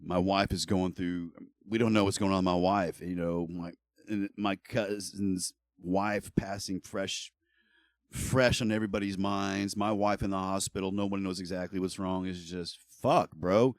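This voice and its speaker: A man's voice: low voice, flat delivery, normal speed, no echo. A middle-aged man streaming live, talking casually and bluntly, ranting heatedly and swearing a lot. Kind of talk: casual livestream talk.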